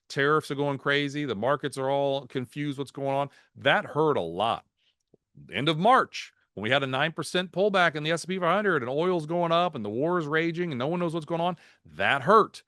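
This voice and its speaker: A man presenting a market outlook over slides in a video webinar, folksy and animated, dropping jokes and anecdotes. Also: a little high, no echo, clean studio sound. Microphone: video call.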